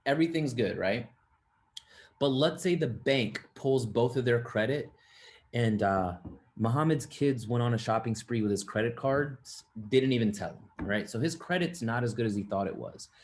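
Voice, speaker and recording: Casual male instructor, mid-pitched, chatty, talks straight to his class and plays out little dialogues. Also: lively intonation, normal speed, a little hiss or hum. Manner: conversational, addresses audience, acts out example dialogue. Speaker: real estate investing instructor. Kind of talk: live online class teaching.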